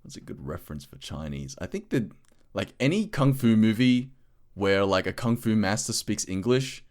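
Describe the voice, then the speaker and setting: A man with a fairly low voice chats loosely as a podcast co-host. He rambles and hedges, with "like" scattered through his sentences. The talk is relaxed and unscripted. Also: normal speed. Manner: rambling, full of "like" fillers. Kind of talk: casual podcast chat.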